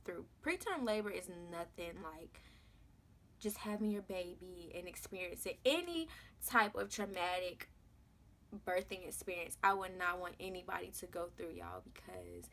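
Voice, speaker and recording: A woman's voice: fairly low pitch, very animated, normal speed, fairly bright tone. A young woman, telling her own story to camera in a candid, emphatic, conversational way. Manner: emphatic, conversational, slangy, repeats phrases for stress. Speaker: vlogger, mother sharing her birth story.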